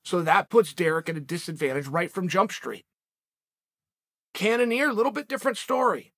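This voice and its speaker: A man's voice: high voice, animated, moderate pace, a bit bright. A man hosting a sports podcast, giving a casual commentary monologue with emphatic, punchy rhetorical delivery. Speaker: MMA podcast host.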